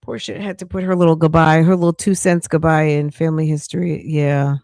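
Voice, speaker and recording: A woman's voice: sits low, flat delivery, fairly quick, dark tone, no room sound, clean studio sound. A woman hosting a casual live commentary stream, chatty and incredulous, often laughing. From United States. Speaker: livestream commentary host.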